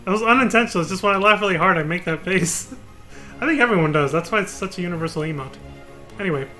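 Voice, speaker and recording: A man's voice: high-pitched, animated, quick pace, pushed and bright, faint music behind. A man streaming a video game live, chatting casually and cursing often. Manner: casual, profane, laughs often.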